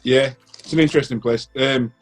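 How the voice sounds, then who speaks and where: A man co-hosting a podcast, talking in a halting, hesitant way with many pauses. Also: medium pitch, fairly even intonation, faint music behind. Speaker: podcast co-host. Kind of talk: casual podcast chat.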